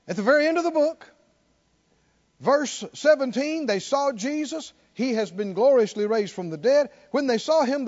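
A man preaching a sermon in call-and-response style, building to near shouts. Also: extremely high pitch, muffled recording.

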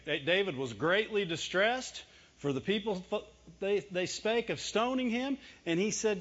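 A male preacher with a high voice, delivering a sermon in a chatty way and firing off quick rhetorical questions he then answers. The recording sounds dull and lo-fi. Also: a bit bright. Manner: conversational, chuckling preaching. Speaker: pastor.

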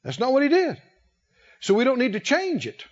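A man preaching in church, reading scripture aloud and drawing call-and-response from the congregation. His voice sits high for a man. The recording is dull and lo-fi. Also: wildly swooping pitch, moderate pace. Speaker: pastor. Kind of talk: sermon.

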